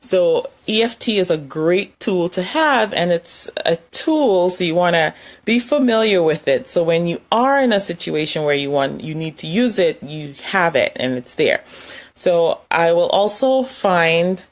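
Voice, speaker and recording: A woman's voice: on the low side, expressive, unhurried. A woman giving a casual, conversational lesson, demonstrating tapping points with her hands and chuckling now and then. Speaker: wellness instructor. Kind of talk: casual instructional talk.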